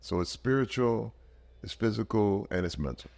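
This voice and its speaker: A man in his fifties, a podcast guest, telling stories in an emphatic, animated way in casual conversation. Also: on the low side, moderate pace, vocal fry. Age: 50s.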